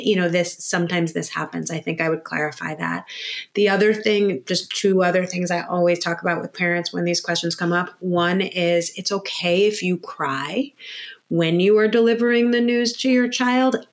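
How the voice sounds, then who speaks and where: A woman guest expert giving practical, direct parenting advice in a relaxed discussion. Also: fairly low pitch, moderate pace.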